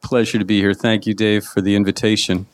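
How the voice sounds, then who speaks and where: Low-voiced wry veterinarian guest. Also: male voice, level tone, a little fast, dry recording. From Long Island, New York. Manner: wry, anecdotal storytelling. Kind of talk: casual interview chat.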